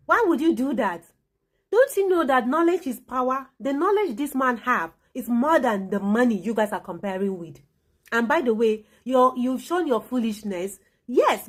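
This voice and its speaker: A woman hosting a reaction vlog, chatty and indignant toward her viewers. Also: a little high. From Ghana. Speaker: channel host.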